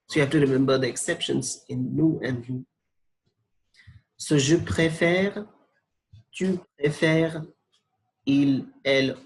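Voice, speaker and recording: Here the recording is low quality and the man's pitch sits in the middle. Using slides, he gives a French grammar lesson on conjugating verbs, patiently spelling letters aloud and repeating forms at a slow pace.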